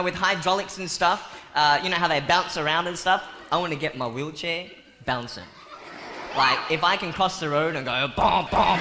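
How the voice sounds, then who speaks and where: A man joking and telling stories to a live audience in a playful, animated way. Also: sits high. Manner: playful, jokey, animated storytelling. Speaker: motivational speaker. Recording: long hall reverb with faint noise.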